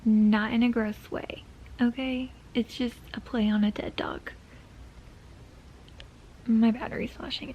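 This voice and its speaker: Young woman vlogging from bed, all dramatic about her book, kinda whispery, gravelly fry in there. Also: fairly high pitch, steady tone, measured pace, pauses often, dull audio, slight background noise. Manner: dramatic, gushing, repeats herself; hushed, half-whispered talk in bed. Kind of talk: casual reading vlog chat. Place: bedroom, in bed.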